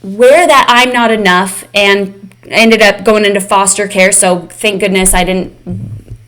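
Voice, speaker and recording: A woman's voice: mid-range voice, fairly even intonation, slow, a bit bright. A woman coach leading a live online session, speaking candidly and emotionally straight to her audience. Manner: candid, emotional, speaks directly to "you guys". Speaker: fitness and mindset coach.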